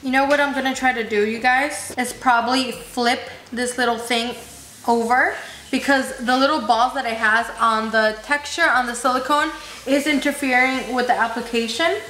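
A woman's voice: a little high, steady tone, moderate pace, pushed and bright. Bubbly young woman with a slight lisp. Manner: bubbly, gushing, addresses viewers as you guys. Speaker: beauty vlogger. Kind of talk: casual makeup tutorial vlog. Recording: echoey room with faint noise.

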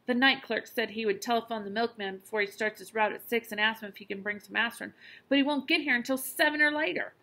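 Storybook father, exasperated and helpless, slightly gravelly, read by a woman. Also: fairly high pitch, quick pace, pushed and bright. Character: exasperated father of a sick boy.

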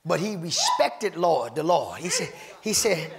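A man preaching in a church with a high, gravelly voice. He preaches with fervent rhythm, laughs between phrases and climbs into shouts. His sermon rolls along with repeated refrains. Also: wildly swooping pitch, unhurried, a crowd in the background. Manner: fervent call-and-response preaching, breaks into laughs, swells to shouts. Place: church sanctuary.

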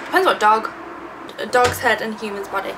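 A woman's voice: a little high, a little fast. A young English woman around twenty, answering viewer questions in a chatty, sarcastic vlog. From England. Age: 20s. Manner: chatty, sarcastic, self-deprecating. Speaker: YouTuber. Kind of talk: casual vlog Q&A. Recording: distant mic with background noise.

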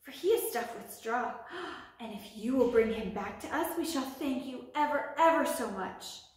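A woman's voice: on the high side, normal speed, a little mellow, lightly acted. A woman voicing the polite, earnest little girl Dorothy in a storybook reading, in an eager, sweet voice. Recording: echoey room.

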